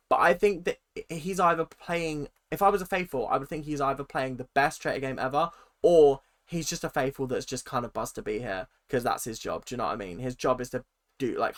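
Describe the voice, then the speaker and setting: A woman, giving a chatty, casual recap of a reality TV show, acting out the people she quotes. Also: very deep voice. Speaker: reality TV reaction vlogger.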